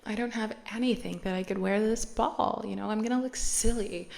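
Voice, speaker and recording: Woman doing a whiny young wife, longing for finery, gravelly voice, casual retelling. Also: medium pitch, fairly quick, darkish tone, natural voice. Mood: wistful.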